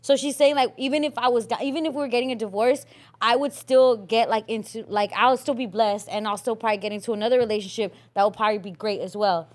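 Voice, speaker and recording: A woman's voice: on the high side, fairly even intonation, quick pace. A woman co-hosting a casual podcast chat, talking with lots of fillers and laughing easily. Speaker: podcast co-host.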